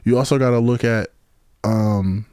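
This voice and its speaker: A man's voice: lowish voice, normal speed, dark tone, smooth, no echo, clean studio sound. A man being interviewed on a podcast, talking in a laid-back, slangy way with lots of swearing and fillers. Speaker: podcast guest, beatmaker. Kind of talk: casual chat.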